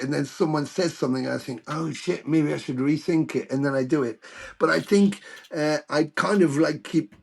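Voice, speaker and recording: A British man in his older years, a guest musician telling stories in a casual interview, animated and swearing freely. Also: a little high, creaky, slightly rough. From United Kingdom.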